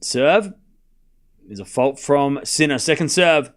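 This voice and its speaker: Late-night tennis gets casual play-by-play from a male livestreamer whose voice is on the high side and animated. He's chatty, bantering with viewers, replying to chat and making quick score calls.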